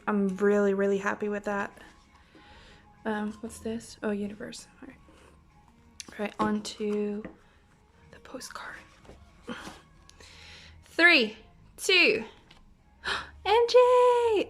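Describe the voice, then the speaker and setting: A woman's voice: mid-range voice, a bit bright. A young woman chatting through an unboxing vlog, gasping and counting down before each reveal and often dropping into a whisper. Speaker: vlogger unboxing albums. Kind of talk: excited unboxing vlog chat.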